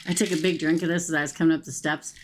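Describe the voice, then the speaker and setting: A middle-aged woman races through a live-streamed tarot reading in a deep voice with flat delivery, and background noise can be heard. She is chatty and emphatic, often turning to her viewers with "okay?"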